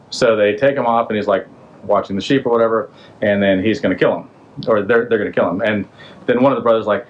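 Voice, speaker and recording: Speaking fairly quickly in a lowish voice, a male podcast host gives a loose, slangy retelling of a Bible story. He keeps it conversational and stops to put questions to the listener, all captured with lo-fi sound.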